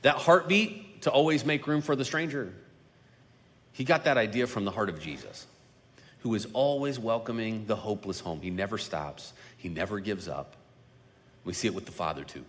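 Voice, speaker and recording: A male pastor preaching a sermon, slowing down and dropping to a hush for emphasis, then building up louder on key points. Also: fairly low pitch, lively intonation. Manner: dynamic delivery, slowing and dropping quiet for emphasis. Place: large church sanctuary. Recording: long reverb of a large hall.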